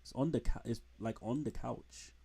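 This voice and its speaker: A man's voice: medium pitch, normal speed, vocal fry, mellow, breathy edge. Male streamer, mid-range voice, loose rambling slangy chat from home. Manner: rambling, frank, trash-talking with slang. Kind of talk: casual live-stream commentary.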